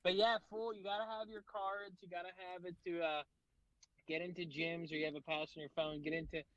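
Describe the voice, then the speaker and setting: A man's voice: sits high, flat delivery, a little fast, fairly bright tone, no room sound, muffled recording. A man, a guest comedian, telling rambling stories in casual podcast chat, full of fillers and swearing.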